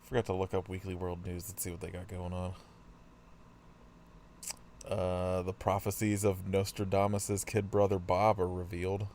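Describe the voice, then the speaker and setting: A man's voice: low voice, completely flat delivery, normal speed, a little mellow, slight background noise. A man hosting a podcast in casual chat, rambling with many fillers. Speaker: podcast host.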